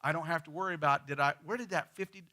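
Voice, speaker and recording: Male pastor, middle-aged, West Texas accent; folksy sermon storyteller with a high, bright voice. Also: rapid-fire. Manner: folksy storytelling, repeats words when starting. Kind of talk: sermon with a told joke. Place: church sanctuary.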